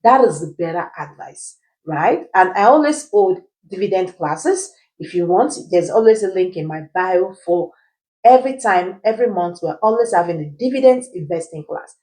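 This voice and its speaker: A woman's voice: on the low side, expressive, moderate pace, a little mellow, rough recording. A woman teaching personal finance who asks rhetorical questions and answers them herself, checking in with her listeners as she goes. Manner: keeps checking in with "right?". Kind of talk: explainer video.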